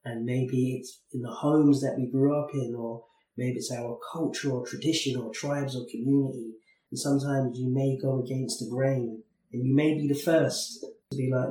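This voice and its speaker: Reflective, conversational storytelling comes from a podcast host in his thirties, whose mid-range voice is steady, mellow and moderately paced. He shares personal stories earnestly, occasionally repeating words while thinking, and sits far from the mic in a roomy recording.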